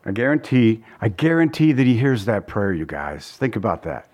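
A man's voice: fairly low pitch, sing-song, normal speed, darkish tone, dull audio. A man preaching as a pastor, teaching verse by verse in a folksy, conversational way and often repeating his phrases.

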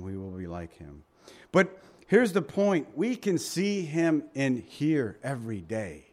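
A man's voice: mid-range voice, darkish tone. A man preaching a sermon, reading scripture and telling stories with acted quotes, his volume and pace swinging widely. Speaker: pastor.

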